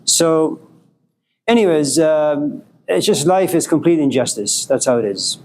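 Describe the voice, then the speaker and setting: Animated older man lecturing. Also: on the high side, measured pace, a little hiss or hum. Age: 60s. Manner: conversational, animated, acts out quoted voices. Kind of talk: philosophy lecture.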